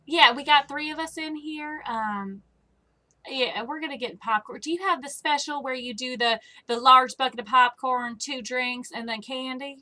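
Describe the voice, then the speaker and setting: A woman's voice: high-pitched, moderate pace, pushed and bright. A woman voicing a friendly neighbor lady who chats from her car window, lifting her voice into a sugary tone. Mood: sweet, chatty.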